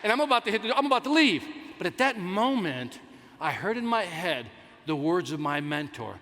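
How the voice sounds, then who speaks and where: A man giving a motivational sales keynote on stage in a large conference hall, telling stories in an animated, self-mocking way. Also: high voice, normal speed. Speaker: keynote speaker. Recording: reverberant hall with faint ambience.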